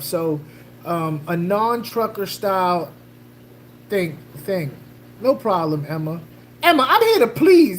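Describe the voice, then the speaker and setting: A woman's voice: medium pitch, a little hiss or hum. A woman hosting a casual livestream, joking loosely with slang, laughing and greeting chatters by name. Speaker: livestream host.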